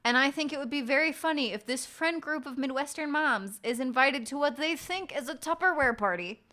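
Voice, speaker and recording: A woman's voice: high voice, a little fast, bright, forceful tone. A woman streamer telling a wild family story in casual chat, dramatic and profane.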